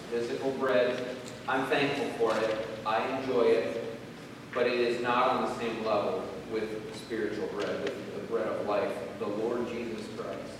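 A man preaching a sermon, moving from quiet earnest questions to slow, loud, emphatic passages and reading scripture in old-fashioned wording. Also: medium pitch. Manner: reads scripture in King James wording. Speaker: pastor. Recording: echoey hall, distant mic, faint room noise.

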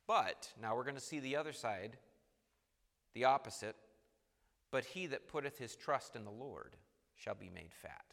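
A man preaching a sermon, moving between quiet asides and emphatic bursts and acting out the voices of the people in his text. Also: medium pitch, expressive, unhurried, long pauses. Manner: acts out quoted voices, swings between soft and emphatic. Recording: long hall reverb.

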